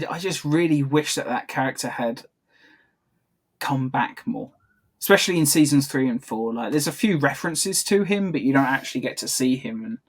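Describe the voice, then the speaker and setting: A man co-hosting a podcast, talking casually over a video call and often stopping to correct himself. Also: mid-range voice. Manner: chatty, self-correcting, laughs often. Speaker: podcast co-host. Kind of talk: casual commentary chat.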